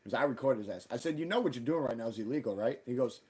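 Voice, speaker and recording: A man hosting a live stream, ranting in casual, profane talk and jumping loud and high when he quotes people. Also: rapid-fire, hardly any pauses, breathy edge. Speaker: livestream host.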